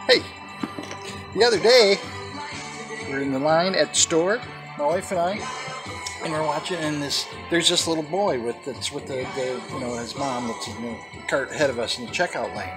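A man's voice: on the high side, big pitch swings, moderate pace, pauses often. A middle-aged man hosting a comedic vlog, telling corny jokes and puns in a chatty monologue. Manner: corny, jokey pun-telling delivery. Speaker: host. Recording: background music under voice.

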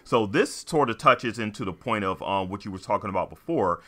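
Guy cohosting a podcast, kinda low but bright forceful voice, rambles with lots of ums. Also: expressive, a little fast. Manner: rambling, many fillers and restarts. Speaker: podcast co-host. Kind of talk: casual chat.

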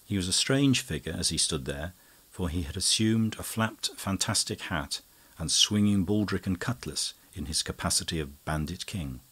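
A man narrating an audiobook in a measured, even storytelling manner. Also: low voice, slightly rough. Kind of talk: scripted narration.

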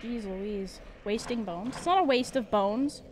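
A woman's voice: a little high, a little slow, slight background noise. A woman streaming a video game, chatting casually with her chat and laughing often. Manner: giggly and chatty, answering chat. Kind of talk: casual live-stream gameplay commentary.

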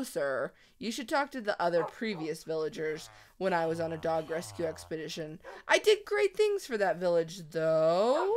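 Woman narrating her game, coos at her pets, squeals when excited, bouncy pitch. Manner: chatty, talks sweetly to her in-game pets, sudden excited shrieks. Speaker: let's-play host. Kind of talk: casual gameplay commentary.

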